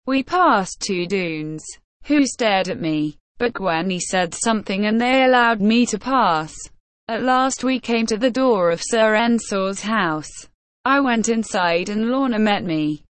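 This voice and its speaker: A woman reading a storybook in a scripted narration, slow, careful and even. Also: medium pitch, no room sound. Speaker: audiobook reader.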